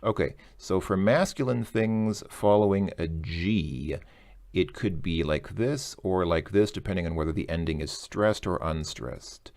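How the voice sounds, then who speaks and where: A man's voice: deep voice, measured pace, creaky, a little mellow. A man tutoring a language lesson, thinking aloud as he works through exercises, hesitant and self-correcting.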